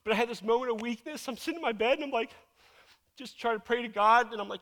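A man preaching from a church platform in a high, light voice. He talks like he is chatting with friends, earnest and emotional, with plenty of casual fillers. The sound rings with the long reverb of a large hall. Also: quick pace, fairly bright tone. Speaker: pastor. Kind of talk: conversational sermon. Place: church sanctuary.

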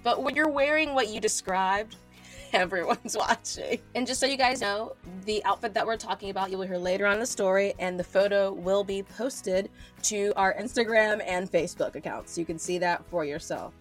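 A woman's voice: medium pitch, moderate pace, faint music behind. A woman co-hosting a podcast, telling stories in casual chat and laughing as she goes. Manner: chatty storytelling with laughs. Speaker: podcast co-host.

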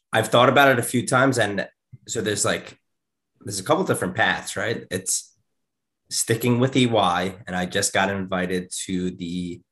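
A man's voice: sits low, fairly bright tone. A man chatting casually on a podcast over a video call, rambling with lots of fillers. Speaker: podcast co-host. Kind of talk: casual chat. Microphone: video call mic.

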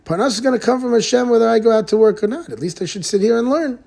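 A man acting out a stubborn, devout simple laborer who insists on his faith, speaking insistently and with rising excitement. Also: very high voice, fairly quick, voice pushed up. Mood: exasperated.

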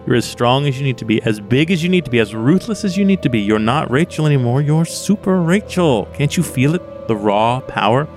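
This is a booming, all-powerful alien tempter, commanding and coaxing in a storybook reading, as a man puts him on. The voice sits at an everyday middle pitch. Faint music plays behind it. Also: expressive, a little fast, few pauses, lightly acted.

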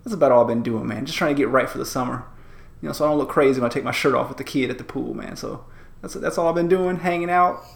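A man's voice: medium pitch, fast, gravelly, reverberant. A man in his thirties, a podcast co-host chatting casually in a laid-back, rambling way. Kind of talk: casual chat.

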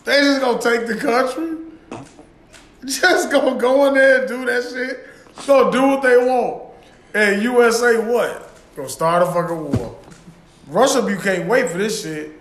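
A man's voice: extremely high pitch, moderate pace, fairly bright tone, echoey room, a little hiss or hum. A man co-hosting a podcast, talking loosely and profanely and laughing often. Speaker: podcast co-host. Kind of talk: casual chat.

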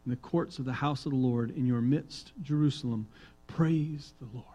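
A male pastor preaching a sermon, reading psalms aloud and swinging between hushed, quiet reading and loud, emphatic proclaiming. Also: mid-range voice, normal speed, soft background music, poor audio.

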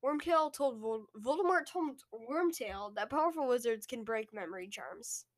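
A woman's voice: a little high, lively intonation, moderate pace. A young woman co-hosting a book podcast, recapping a chapter from her notes with many hesitations. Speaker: podcast co-host.

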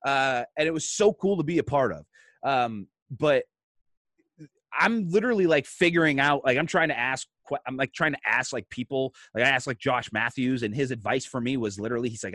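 A young man telling a story in a casual podcast chat, animated, swearing often and restarting his sentences. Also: medium pitch, fairly quick, no room sound.

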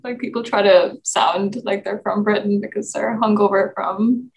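A woman's voice: mid-range voice, fairly even intonation, moderate pace, vocal fry, rough recording. A young woman from Pakistan in a casual group discussion, talking with many fillers and restarts. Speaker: discussion participant.

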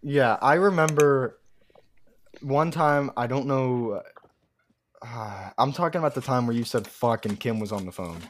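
A man's voice: medium pitch, a little slow, a little hiss or hum. Young man in casual profane chat. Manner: laughs often, profane, mimics people. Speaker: podcast co-host.

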